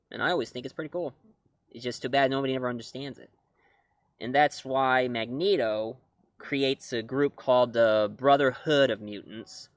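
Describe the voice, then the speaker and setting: A man with a lowish voice reviews comics and films, talking casually to camera in a dry recording. He rambles, chuckles, and keeps correcting himself as he goes.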